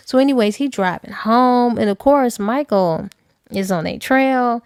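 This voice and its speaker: A woman retells a novel in a casual, animated way, full of slang. Her voice is fairly high, and the recording is dry and close. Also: unhurried, clear, resonant tone, dry recording. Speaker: book reviewer. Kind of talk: casual book review recap.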